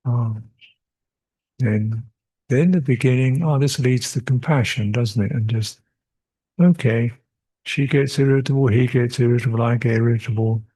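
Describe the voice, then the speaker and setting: At a retreat Q&A, an older monk speaks at a moderate pace in a husky, medium-pitched voice with a dark tone. Reflective and given to repeating brief phrases, he chuckles frequently while answering.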